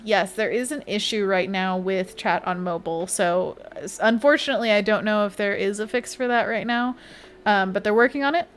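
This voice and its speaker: A woman's voice: mid-range voice, expressive, fairly quick. A woman hosting a casual art livestream, chatting and giggling as she reads chat aloud and talks to herself while she draws.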